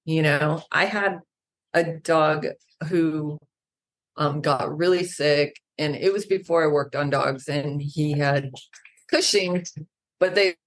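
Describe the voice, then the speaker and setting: Animated woman telling stories. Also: low-pitched. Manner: animated storyteller, acts out quoted exchanges. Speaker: guest animal naturopath. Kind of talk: casual podcast conversation.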